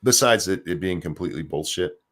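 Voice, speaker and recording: A man hosting a casual livestream, reading viewer comments with sarcastic asides. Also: fairly quick. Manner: animated, sarcastic, jumps high in pitch for jokes. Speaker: stream host.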